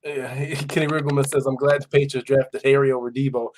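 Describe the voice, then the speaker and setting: A male podcast host in casual sports talk, animated and laughing often as he talks. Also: medium pitch, a little fast, a little hiss or hum. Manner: animated, laughs a lot while talking.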